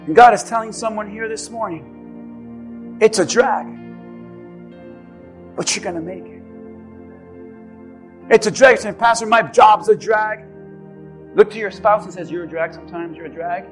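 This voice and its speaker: A man preaching a sermon as pastor, building from quiet, low passages to impassioned shouting and leading an altar call. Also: measured pace, pauses often, faint music behind. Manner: impassioned, rising to shouts then dropping low.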